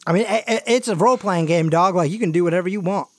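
Dry-sounding game master, loose talk. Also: male voice, high voice, fast talker, no room sound. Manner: loose, filler-heavy narration. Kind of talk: narrating a tabletop game.

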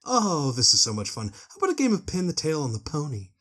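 Man doing a sly, mocking cartoon trickster, animated delivery. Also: on the high side, heavily acted. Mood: teasing. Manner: smug, drawn-out teasing. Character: male chaos spirit, mocking and theatrical.

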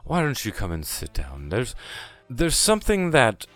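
A man's voice: medium pitch, huge pitch swings, normal speed, a bit bright, voice pushed up. A man voicing a tall, composed male human merchant boss who speaks politely, with faint music behind. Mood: courteous. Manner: smooth and polite, hosting a deal.

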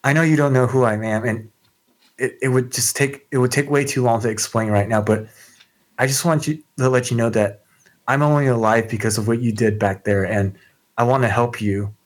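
A man's voice: mid-range voice, fairly even intonation, moderate pace, natural voice. A man voicing an earnest young woman squire who speaks with urgency.

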